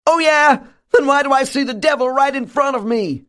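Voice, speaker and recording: A shrill, panicked old preacher. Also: male voice, moderate pace, a bit bright. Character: terrified old-time preacher man facing a demon.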